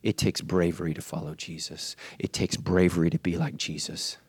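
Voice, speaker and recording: Preaching man, hushed to shouting. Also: flat delivery, moderate pace, husky, dry recording. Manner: swings from hushed and low to shouting high; repetitive, urgent refrains. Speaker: pastor. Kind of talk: sermon. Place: church.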